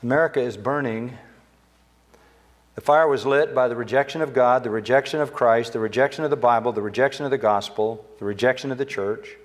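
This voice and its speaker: An older man preaching a sermon in a church sanctuary, with emphatic delivery that climbs higher when he quotes Scripture. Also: a little fast. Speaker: pastor.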